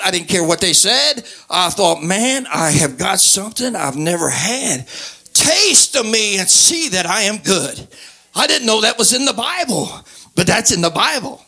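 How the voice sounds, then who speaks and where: An older man shares his church testimony in a high, gravelly, bright voice. He talks with folksy grammar and breaks into loud, fervent outbursts. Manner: fervent, emotional preaching delivery with loud outbursts. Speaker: guest giving testimony.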